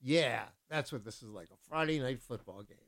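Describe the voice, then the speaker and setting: A man's voice: medium pitch, lively intonation, normal speed, fairly bright tone. A man working as a radio DJ, announcing songs and then ranting indignantly, with a lot of repetition. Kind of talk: casual radio DJ talk.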